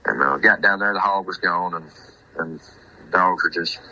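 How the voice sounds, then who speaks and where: A man with a very deep yet strikingly bright, forceful voice. He tells his story casually and rambles, doubling back on his words. He talks like a guest on a relaxed podcast. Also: normal speed, no echo, rough recording. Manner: rambling, repeats and restarts himself.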